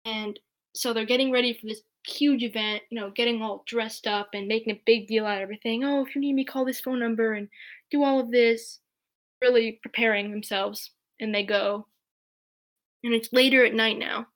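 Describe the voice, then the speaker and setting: A woman's voice: on the high side, fairly even intonation, normal speed, a bit bright. A woman telling a personal story in a casual, chatty way, with many fillers. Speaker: podcast guest.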